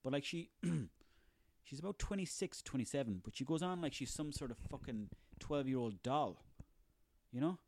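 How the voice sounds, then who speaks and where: A man's voice: mid-range voice, animated, moderate pace, darkish tone. An Irish man in his thirties delivering a sarcastic, profanity-laden comic rant on his own. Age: 30s. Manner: profane, sarcastic, ranting, rambling.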